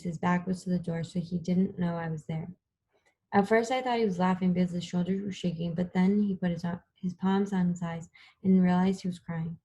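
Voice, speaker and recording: Soft-spoken, husky woman audiobook reader. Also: on the low side, highs cut off. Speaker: audiobook narrator. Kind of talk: first-person audiobook narration.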